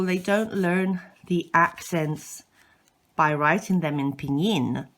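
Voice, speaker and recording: Slow, low-voiced woman teaching patiently. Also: a bit bright. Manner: patient, repeats and demonstrates sounds, occasional self-corrections. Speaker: language teacher. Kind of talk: slow instructional explanation.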